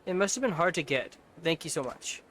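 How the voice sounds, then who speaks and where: A man's voice: a little high, animated, fairly quick, a bit bright, slight background noise. A man doing an emotional young girlfriend. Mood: touched. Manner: earnest, emotional pleading. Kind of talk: reading game subtitles aloud in voices.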